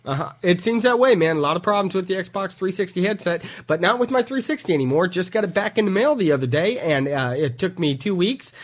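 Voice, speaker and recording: A man's voice: high voice, expressive, fairly quick, hardly any pauses. A man co-hosting a casual gaming podcast, joking around and laughing often. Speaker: podcast co-host.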